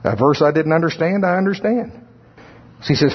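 A man's voice: on the high side, big pitch swings, brisk, slightly rough. A man preaching a sermon in a conversational way, sometimes acting out the voices of churchgoers. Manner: conversational, playfully acts out congregants' voices. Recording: dull lo-fi sound.

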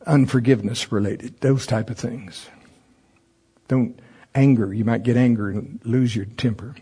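A man preaching a sermon through a humorous personal story. He chuckles often and jumps into loud, high-pitched voices when he acts out his own thoughts. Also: breathy edge. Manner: chuckles often while telling stories.

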